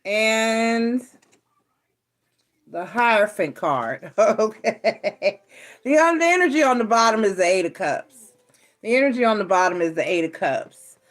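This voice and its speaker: A woman's voice: fairly high pitch, lively intonation, normal speed, pauses often. A woman from New York with a Southern American accent, doing a casual tarot reading at home, chatty and often laughing. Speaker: tarot reader.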